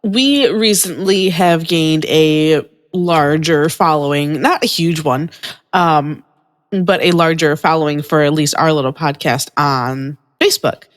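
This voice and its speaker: A woman co-hosting a casual podcast who talks in a measured way, with frequent "um"s. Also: low-pitched, big-room sound. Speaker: podcast co-host. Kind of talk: casual chat.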